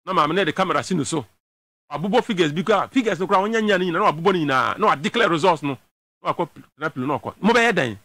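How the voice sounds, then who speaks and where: A man's voice: high voice, lively intonation, quick pace, bright, forceful tone, no room sound, studio quality. A man with a Ghanaian accent giving emphatic political commentary on a talk show, switching between a local language and English.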